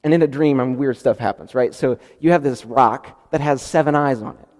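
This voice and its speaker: A man preaching a sermon in a conversational, animated way, often restarting his sentences. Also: mid-range voice, a little fast, big-room sound.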